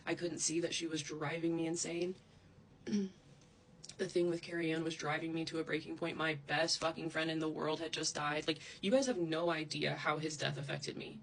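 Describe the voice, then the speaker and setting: A woman's voice: sits low, flat delivery, normal speed, slight background noise, rough recording. A woman ranting angrily straight to camera, heated and profane, wandering off into asides. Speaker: social media creator. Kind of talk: angry direct-to-camera rant.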